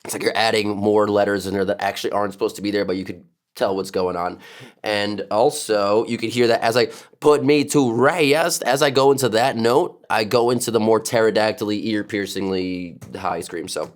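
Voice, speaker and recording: A man's voice: lowish voice, fairly even intonation, moderate pace. A man casually explaining his vocal techniques, breaking off to demonstrate growls, gutturals and shrieking screams.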